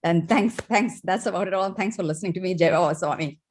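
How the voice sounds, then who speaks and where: A woman's voice: fairly low pitch, fast talker, slightly rough. A woman sharing a personal spiritual testimony, emotional and close to tears, telling stories with feeling. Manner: emotional, tearful, warm storytelling.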